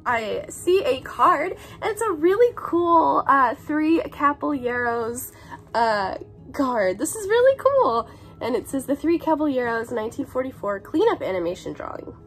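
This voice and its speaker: Bubbly woman in her twenties, slightly sick, lively pitch, light music bed. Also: measured pace. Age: 20s. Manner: bubbly, gushing, breaks into brief song bits. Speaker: YouTuber unboxing a swap package. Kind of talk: casual unboxing chat.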